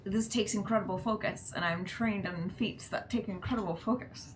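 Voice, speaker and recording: A woman's voice: mid-range voice, moderate pace, a little hiss or hum. A woman playing a tabletop roleplaying game, talking eagerly and chattily, sometimes speaking as her character. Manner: eager and chatty, with lots of "like" and fillers. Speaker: player.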